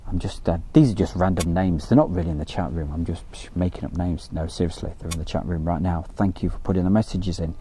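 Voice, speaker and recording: A man's voice: sits low, quick pace, few pauses, warm tone, a little hiss or hum. A man hosting a casual live stream from outdoors by an airfield, chatty and joking as he reads out viewer messages.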